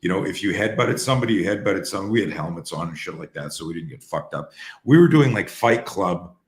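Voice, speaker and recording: A man with a very low voice tells stories casually and with energy. He restarts his sentences often and swears freely. He sounds like he is in a roomy space with a clear echo. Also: fast. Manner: animated, profane, restarts often. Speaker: host. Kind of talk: casual storytelling talk.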